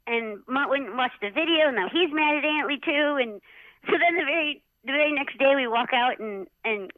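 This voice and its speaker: A middle-aged woman, a former jockey, telling lively stories in a casual interview and acting out quotes with lots of "like.". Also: high voice, fairly quick, no echo. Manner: animated, acts out quotes in a raised voice, many "like"s. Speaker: retired jockey, interview guest. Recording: dull, dry lo-fi sound.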